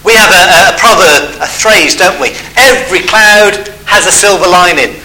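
A man's voice: high-pitched, normal speed, sharp tone, a little hiss or hum, poor audio. A man preaching a sermon, telling a Bible story and acting out the characters' voices.

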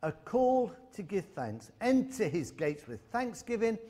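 Preacher with an emphatic, storytelling delivery. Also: male voice, high-pitched, big pitch swings, a little slow, mellow. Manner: storytelling with humor and emphatic repetition. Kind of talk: sermon.

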